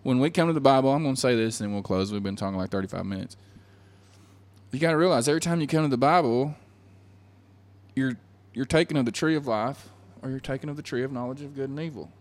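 A man in a casual religious discussion, animated, laughing often and acting out quotes. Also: medium pitch, fast. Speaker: podcast co-host.

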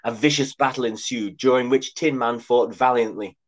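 A man's voice: medium pitch, normal speed. A man reading his own comic story aloud with dry, wry asides. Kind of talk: comic scripted narration.

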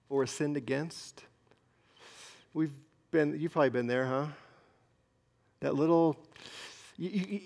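A man preaching a sermon as pastor, swinging between loud emphasis and hushed, near-whispered asides. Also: a little high.

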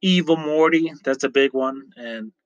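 A man hosting his own podcast in a casual, rambling solo chat, correcting himself often and filling pauses with ums and uhs. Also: medium pitch, clear, resonant tone, no echo. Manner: rambling, chatty, self-correcting with frequent fillers. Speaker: podcast host.

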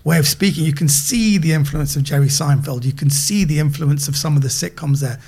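A middle-aged man with a British accent, an animated guest comedian chatting on a podcast who repeats words as he gets going. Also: on the high side, a little fast, husky. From Britain. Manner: animated storyteller, repeats words when excited. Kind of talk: casual podcast chat.

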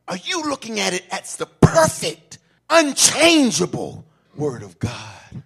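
A male pastor preaching in a church, swinging from shouts to hushed asides and calling for responses. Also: sits high, huge pitch swings, takes it slowly, gravelly, breathy edge. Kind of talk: call-and-response sermon.

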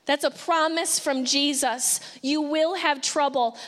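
A woman pastor preaching a sermon with passion, sometimes acting out anxious pleas and dropping to a hushed voice. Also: sits high, slow, hardly any pauses, long reverb tail.

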